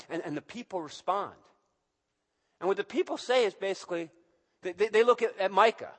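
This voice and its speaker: A man preaching a sermon in a church, animated and lively, acting out quotes in a raised voice. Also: sits high, a little fast, pauses often, long reverb tail. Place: church service.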